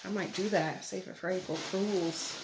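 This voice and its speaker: A woman's voice: lowish voice, fairly even intonation, normal speed. Chatty woman in an echoey home. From Nova Scotia, Canada. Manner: chatty, warm asides with soft laughs. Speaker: vlogger. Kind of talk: casual chat while opening mail. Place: family home at night. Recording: echoey room, audible background noise.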